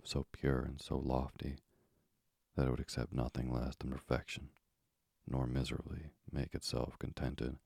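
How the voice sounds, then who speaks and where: Deep whispering male sleep-story narrator. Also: a little mellow, dry recording, studio quality. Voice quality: breathy whisper. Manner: slow, soothing bedtime reading. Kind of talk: whispered role-play.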